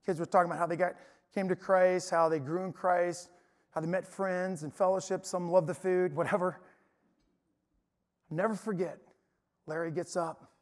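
A man preaching to an audience in an energetic, emphatic storytelling way. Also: high voice. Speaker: speaker. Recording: long hall reverb.

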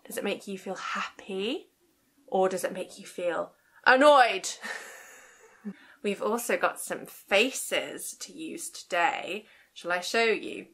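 A young woman hosting a rhyme-time session for small children in a library, speaking in a gentle sing-song way with gasps and hushed asides. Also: medium pitch, takes it slowly. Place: library, indoors.

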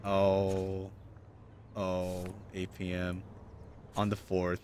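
A man's voice: low-pitched, completely flat delivery, drawn-out words, a little mellow, slight background noise. A man playing a video game and commenting, muttering and swearing in frustration. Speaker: gaming video host. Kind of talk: let's play commentary.

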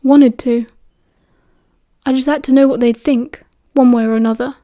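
A woman's voice: high voice, fairly even intonation, normal speed, lo-fi sound, close to an everyday voice. A woman with a British accent voicing a prickly, tired teenage boy who answers curtly and coldly. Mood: guarded. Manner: curt, cold, clipped.

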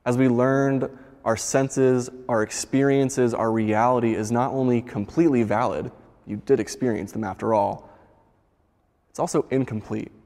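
A man's voice: mid-range voice, fairly even intonation, normal speed, a little mellow. Man telling a story in a reverberant church. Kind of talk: storytelling and reflective preaching.

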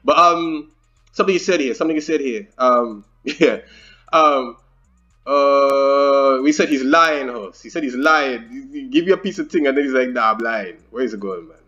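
A man hosting a music reaction video, excitedly breaking down lyrics in casual slang. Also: medium pitch, moderate pace, lo-fi sound.

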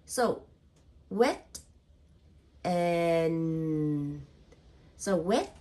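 A woman's voice: fairly low pitch, animated, extremely slow, warm tone. A woman teaching English spelling in a patient way, sounding out letters and syllables one by one and repeating each word, with simple non-native grammar. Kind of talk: spelling lesson.

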